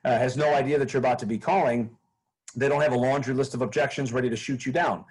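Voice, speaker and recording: A man being interviewed as a sales trainer, explaining his methods in an energetic, animated way. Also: medium pitch, fast, breathy edge, poor audio. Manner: animated, acts out phone calls in a bright raised voice.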